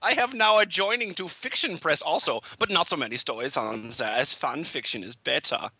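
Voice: medium pitch, a little fast, bright, forceful tone, husky, dry recording. A podcast host reading broken English aloud in a mock-earnest way for comedy.

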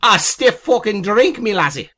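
A man's voice: sits high, very animated, normal speed, sharp tone, exaggerated voice. A man putting on a boozy Irish drunk. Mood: rowdy. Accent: put-on Irish. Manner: slurring, rowdy, swearing.

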